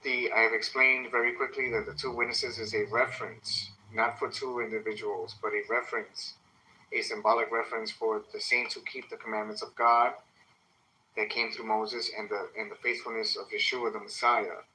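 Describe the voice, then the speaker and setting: A man explaining religious teaching in a measured, lecturing way. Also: fairly low pitch, flat delivery, pushed and bright, a little hiss or hum, rough recording. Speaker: religious YouTuber. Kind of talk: teaching monologue.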